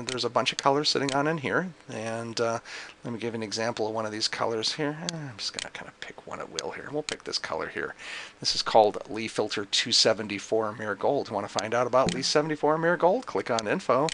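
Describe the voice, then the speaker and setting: A man walking through a piece of lighting software in a casual screen-recorded tutorial, thinking aloud with plenty of ums and uhs. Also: medium pitch. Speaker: software demonstrator. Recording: noisy home recording with mouse clicks.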